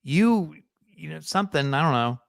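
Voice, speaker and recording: Heated male race car driver, acted by a man, agitated and defensive, voice pushed up high, swinging up and down, in a dry close room. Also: expressive, moderate pace, creaky, smooth, no echo.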